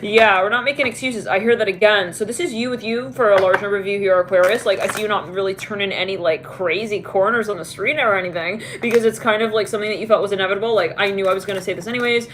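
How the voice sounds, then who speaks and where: Woman tarot reader, casual and chatty, mid-pitched voice, noisy hiss behind. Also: fairly bright tone. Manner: chatty, laughing, voices quoted people in a high pitch. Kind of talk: casual tarot reading to camera.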